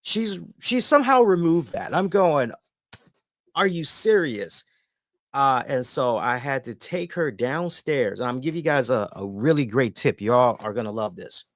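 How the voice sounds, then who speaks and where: A man hosts a wrestling show in casual chat, spinning animated stories full of "uh" and "you know." His voice sits at an ordinary middle pitch. The sound is dry and close, with no room echo. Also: moderate pace, hardly any pauses. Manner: animated storytelling with filler words.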